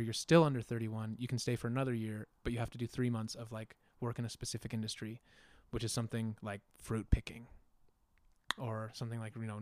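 A man's voice: mid-range voice, no room sound. Young man chatting in a dry room. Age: young adult. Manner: relaxed, rambling, laughs often. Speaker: musician guest. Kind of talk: casual conversation.

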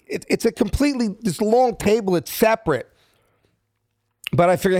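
A man's voice: high voice, expressive, normal speed, a little mellow, no echo, clean studio sound. A middle-aged man from South Philadelphia with a Philly accent, telling a story and acting out each person in it in street-smart talk. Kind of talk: animated storytelling.

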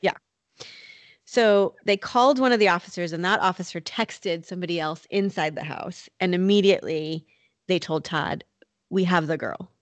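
A woman's voice: on the low side, normal speed, no echo. A woman hosting a podcast, telling a true crime story in casual chat, full of "like" and "you know". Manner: conversational, many "like" and "you know" fillers. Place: North Carolina.

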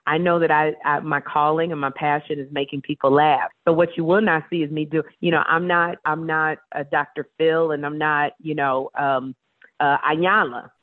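A woman's voice: sits low, normal speed. Woman guest on a tinny phone line. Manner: animated storyteller, playful. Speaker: talk show host as guest. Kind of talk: casual interview chat.

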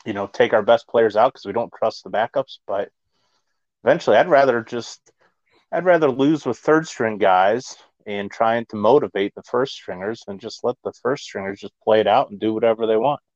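Low-voiced man talking football. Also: darkish tone, dry recording, muffled recording. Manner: measured, with fillers. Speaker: podcast host. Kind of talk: casual sports talk.

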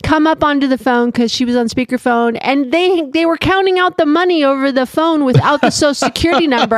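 Middle-aged lady co-host, high voice, dry close mic, tells stories with lots of quoted voices. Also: fairly quick, few pauses, no room sound. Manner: animated storyteller, acts out quoted voices. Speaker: podcast co-host. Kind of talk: casual storytelling chat.

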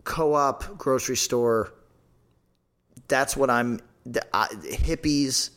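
A man hosting a podcast in loose, profane conversation. His voice sits at an ordinary middle pitch. He rambles through restarts with a sardonic edge. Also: slow, a bit bright. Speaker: podcast host. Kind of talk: casual podcast chat.

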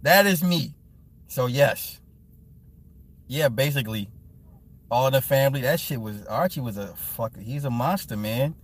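A man's voice: medium pitch, unhurried, pauses often, breathy edge. Blunt, profane man in his forties. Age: 40s. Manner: profane, blunt, animated, laughs often. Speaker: live-stream host and movie reviewer. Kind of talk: casual live-stream chat with viewers.

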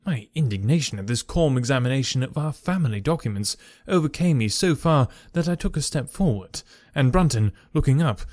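A man's voice: mid-range voice, a little mellow, no echo, studio quality. Man narrating a story formally. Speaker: audiobook narrator. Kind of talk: scripted narration.

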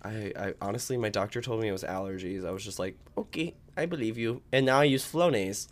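A man's voice: fairly low pitch, quick pace. A man co-hosting a podcast, joking around and laughing in casual chat. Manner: playful and joking, laughs often. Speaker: podcast co-host. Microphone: video call.

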